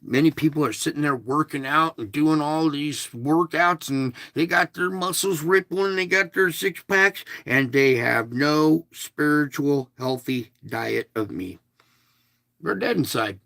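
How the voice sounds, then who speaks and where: A man's voice: on the high side, measured pace, gravelly, bright, forceful tone, dry recording. A man hosting an online devotional, reading aloud with casual asides and stressing single words. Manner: casual, chatty.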